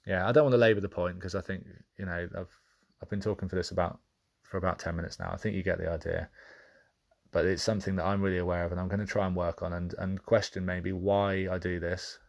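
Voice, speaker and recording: A man's voice: low voice, little pitch movement, quick pace, vocal fry. A man hosting a podcast, talking through a personal monologue in a candid, thoughtful way that halts and restarts as he searches for words. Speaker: podcast host.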